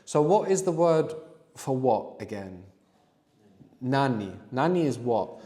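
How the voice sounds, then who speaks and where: In a live teaching workshop, a male language teacher quizzes his class and gets them to think through answers out loud. His mid-range voice is relaxed and mellow, his pace unhurried, and a long reverb fills the room.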